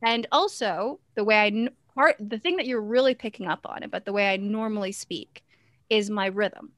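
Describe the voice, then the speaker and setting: A woman's voice: medium pitch, moderate pace, a bit bright, no echo, clean studio sound. A young adult woman performer talking in an interview with a staccato, teacherly rhythm, stopping abruptly and coming back in. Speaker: character performer. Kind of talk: interview conversation.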